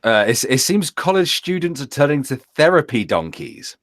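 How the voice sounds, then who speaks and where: Male co-host, lively pitch, dry close sound. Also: normal speed, dry recording. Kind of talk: casual chat.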